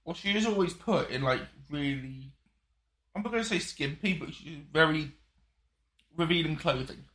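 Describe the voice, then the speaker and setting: A man with a bright, animated voice keeps probing with questions during a casual chat. His pitch rises and falls freely. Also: normal speed. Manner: quizzing, chatty interjections.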